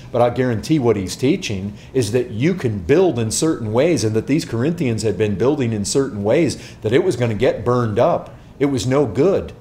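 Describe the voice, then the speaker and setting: A man's voice: lowish voice, mellow, slight background noise. A man, a pastor, answering a question before a group in an emphatic teaching style, repeating words and asking rhetorical questions.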